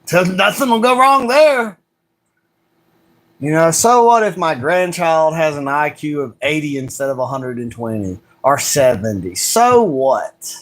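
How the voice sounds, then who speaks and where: Male livestream host, higher-pitched, heated ranting delivery built on repeated rhetorical questions. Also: animated, measured pace. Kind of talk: solo livestream monologue.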